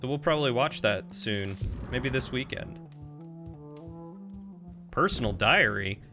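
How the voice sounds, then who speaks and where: A man's voice: mid-range voice, moderate pace, over music. Joking young male game streamer. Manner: joking banter with chat. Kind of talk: casual live-stream chat.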